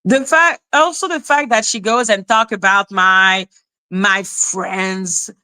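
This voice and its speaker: Bright-voiced blunt woman vlogger. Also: mid-range voice, steady tone, takes it slowly. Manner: blunt and profane, talks back at clips. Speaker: commentary YouTuber. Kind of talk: casual reaction commentary.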